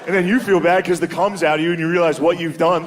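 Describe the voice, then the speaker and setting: A man's voice: fairly high pitch, fairly even intonation, quick pace, very noisy. A man doing a crude, conversational stand-up set, chuckling as he talks. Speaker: stand-up comedian.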